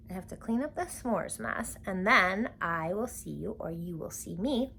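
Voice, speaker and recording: A woman reading a storybook aloud to children in a slow, expressive way. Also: mid-range voice, vocal fry, slight background noise.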